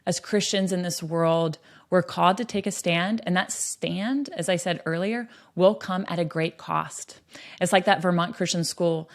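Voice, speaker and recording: A woman from western North Carolina, talking as a podcast host in an earnest, storytelling manner with frequent ums. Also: fairly low pitch. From western North Carolina, USA. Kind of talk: earnest conversational monologue.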